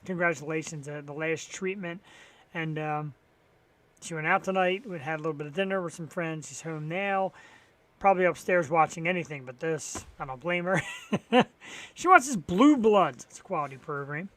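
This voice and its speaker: High-voiced man rambling on a live show. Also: steady tone, fairly quick, fairly bright tone. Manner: rambling, profane and wry, sarcastic about sports. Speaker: talk show host. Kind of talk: solo live-stream chat filling time.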